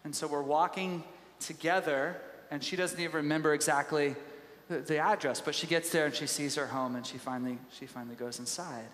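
A man gives a sermon in a loose, conversational storytelling way, often restarting his sentences. His slightly high voice carries a long, roomy reverb from a large church hall. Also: fairly even intonation, brisk, a bit bright, a little hiss or hum. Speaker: pastor.

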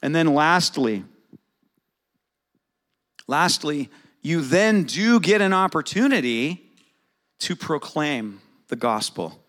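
A man's voice: a little high, big pitch swings, slow pace, long pauses, fairly bright tone. A middle-aged man preaching a sermon in a conversational way, asking his congregation questions. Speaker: pastor.

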